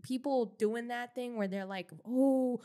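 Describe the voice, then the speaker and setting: A woman co-hosting a casual commentary podcast, talking in an animated, slangy way with many restarts. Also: mid-range voice, moderate pace. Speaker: podcast co-host.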